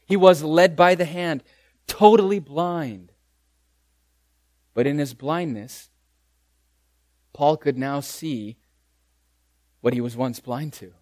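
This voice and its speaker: A male pastor preaching a sermon, deliberate and emphatic, dropping to soft words and repeating phrases for weight. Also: fairly high pitch, no room sound. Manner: slow, deliberate preaching with dramatic soft drops and emphatic repetition.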